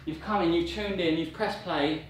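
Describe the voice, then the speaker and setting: A man's voice: fairly high pitch, fairly even intonation, moderate pace, distant mic, a little hiss or hum. Upbeat male fitness coach, slightly breathless, heard off-mic in a very echoey room. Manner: upbeat, encouraging, counts reps aloud. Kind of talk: guided workout instruction.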